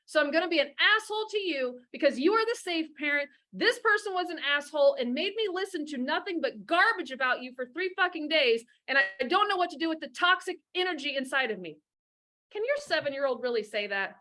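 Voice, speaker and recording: A woman's voice: high voice, animated, fairly quick, sharp tone. A middle-aged woman giving blunt, profane advice on divorce and parenting, talking fiercely and emphatically. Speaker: divorce coach.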